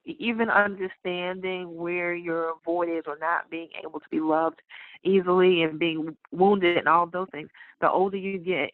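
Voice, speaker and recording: A woman's voice: on the low side, no room sound. Frank woman guest over a tinny line. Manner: frank, blunt and wry, pausing to clear her throat. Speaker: podcast guest. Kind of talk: candid conversation. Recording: tinny phone-line audio.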